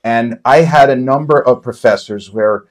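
A man in his forties with an ordinary mid-range voice chats casually as a podcast co-host. He speaks in a relaxed, reflective way. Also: mid-range voice, normal speed. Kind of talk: casual chat.

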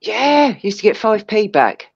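An English woman hosts with a lively, swinging voice, chatty and eager. Her audio sounds dull and muffled, as if through a cheap mic. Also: mid-range voice, measured pace, creaky. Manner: chatty, enthusiastic, laughs easily. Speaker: host. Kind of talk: casual interview chat.

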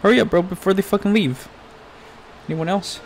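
A man's voice: high voice, fairly quick, slight background noise. Foul-mouthed exasperated gamer man. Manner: crude, exasperated ranting at the game; swears constantly, talks to his game character. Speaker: gaming YouTuber. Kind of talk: profane Let's Play commentary.

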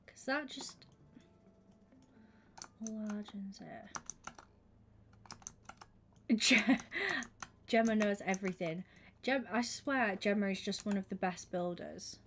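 A young woman livestreaming a game, chatting with her viewers and thinking out loud, often slipping into a whisper. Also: mid-range voice, takes it slowly, long pauses, noisy background. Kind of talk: casual gaming stream chat.

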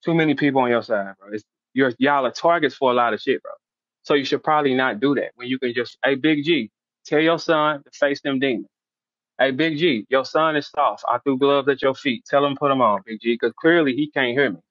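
A middle-aged man hosting a casual interview, loudly calling out a rival with brash, repetitive trash talk. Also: medium pitch, a little fast, no room sound. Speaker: host. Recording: dull, dry lo-fi sound.

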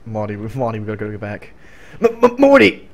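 A man's voice: on the low side, wildly swooping pitch, brisk, voice pushed down. A man putting on the voice of a frantic, stammering old male mad scientist from a cartoon. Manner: stuttering, burping-style stammer.

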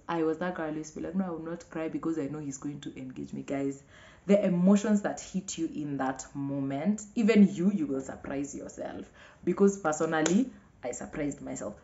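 Young Kenyan woman, vlogger, lower voice, lively storytelling in a roomy, muffled recording. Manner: animated, acts out others' lines with big pitch jumps. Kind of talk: casual storytelling to camera. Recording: echoey room, muffled lo-fi sound.

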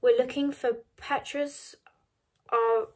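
A woman's voice: on the high side, fairly even intonation, takes it slowly, a little mellow. A woman reading aloud as a nervous teenage boy who speaks in a tense whisper.

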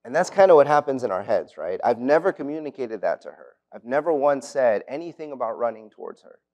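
A man of middle pitch delivers a sermon in a church auditorium. He preaches earnestly and keeps it personal, leaning on family stories. His voice sits in an ordinary range, neither high nor low. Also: sing-song, a little fast, a little mellow, muffled recording. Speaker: preacher at youth lectures.

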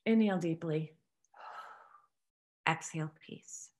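A woman leading a guided tapping exercise, giving calm step-by-step instructions and affirmations to repeat. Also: low-pitched, takes it slowly. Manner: calm instructive guiding, repeat-after-me phrasing; affirming, uplifting delivery. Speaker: recovery workshop facilitator.

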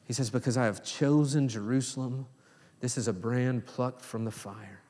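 A man preaching a sermon as pastor, swinging between hushed low lines and raised, emphatic exclamations. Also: steady tone, normal speed. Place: church sanctuary. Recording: long reverb in a church hall.

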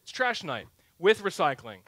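In a church sanctuary, a pastor in his thirties delivers a sermon in a high, bright, slightly breathy voice, telling a story that pokes fun at himself. He's very animated at a normal speed, swinging from loud, punchy lines to hushed asides. The recording is dry and close, with little echo from the room.

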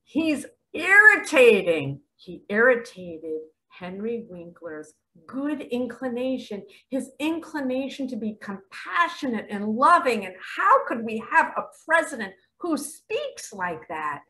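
A woman preaches slowly in a bright, lively voice. She asks rhetorical questions and swings between hushed asides and sudden loud exclamations. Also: fairly high pitch, rough recording. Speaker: self-styled spiritual guide. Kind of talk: preaching monologue to camera.

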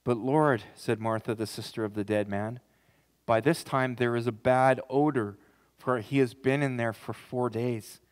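Pastor preaching in a reverberant church. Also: male voice, mid-range voice, steady tone, unhurried. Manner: reads scripture aloud, then speaks in a rising, impassioned tone. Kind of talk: sermon. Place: church sanctuary.

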